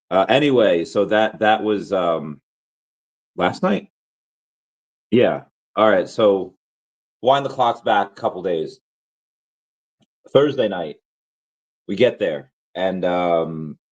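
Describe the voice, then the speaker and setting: A man with a hoarse, worn-out voice, chatting casually and rambling with many restarts and fillers as a crypto vlogger. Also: low voice, a little mellow, dull audio. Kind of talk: casual chat.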